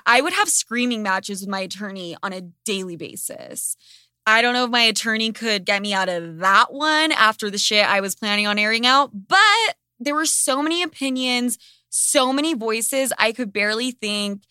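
Woman podcast host, higher bright voice, dry close mic, vivid swearing storyteller. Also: moderate pace, clean tone, dry recording. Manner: animated, swears freely, dramatic storytelling. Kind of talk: casual storytelling chat.

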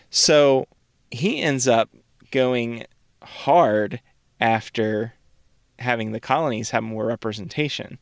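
A man co-hosting a history podcast, telling events in a relaxed, chatty way. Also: mid-range voice, slow pace, vocal fry, clean tone, no echo, clean studio sound. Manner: relaxed storytelling, quotes figures in casual speech. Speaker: podcast co-host. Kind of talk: casual history chat.

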